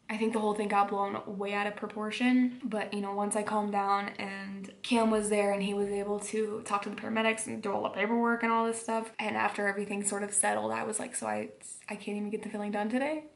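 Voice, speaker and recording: Creaky-voiced young woman rambling through a vlog. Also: mid-range voice, level tone, brisk. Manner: rambling, frequent fillers like "like". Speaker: vlogger. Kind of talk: casual storytelling vlog. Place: home at bedtime.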